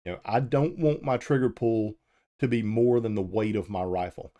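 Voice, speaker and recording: A man's voice: lowish voice, moderate pace. A man hosting a live firearms show, talking casually and answering viewers' chat questions, with frequent ums and uhs. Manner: relaxed and conversational, with frequent "uh" and "um".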